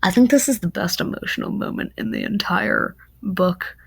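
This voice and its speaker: A woman's voice: mid-range voice, moderate pace, vocal fry, slightly rough, low-quality recording. A young woman casually reviewing a book, rambling and chatty with many fillers.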